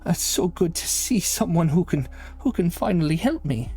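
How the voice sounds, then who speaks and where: A man voicing a frail, kindly old village woman with a quavering, high put-on voice. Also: expressive, normal speed, dark tone. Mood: fussing.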